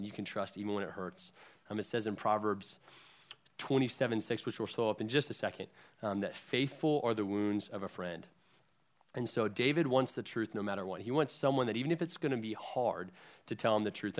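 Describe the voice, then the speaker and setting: Young male youth pastor, relaxed sermon to kids, chatty and unpolished. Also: fairly low pitch. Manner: conversational, frequent ums, lively retellings of scripture.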